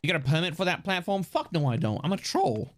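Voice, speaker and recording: A male streamer chatting with viewers as he plays, rambling and playful, with the odd curse and plenty of laughs. His voice sits a little high and swings widely in pitch. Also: very animated, fast. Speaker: live streamer. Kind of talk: casual live-stream chat while gaming.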